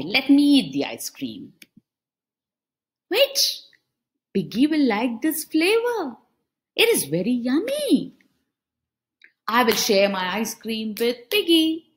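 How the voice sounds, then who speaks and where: A woman voicing a young male elephant in a storybook, talking himself out of being greedy and into sharing his ice cream, with excited exclamations. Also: high voice, pitched above the performer's own voice, heavily acted.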